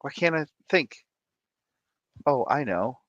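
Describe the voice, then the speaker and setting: A man's voice: mid-range voice, animated, slow, no echo, highs cut off. A man in his thirties hosting a casual live stream, playful and sing-song as he greets viewers by name, sounding tired. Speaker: livestream host.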